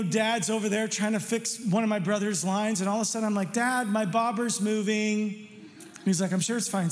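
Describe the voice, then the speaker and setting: A middle-aged male pastor preaching a sermon, telling a childhood story in a playful, animated way with jokes for the congregation. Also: high voice, in a large hall. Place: church sanctuary.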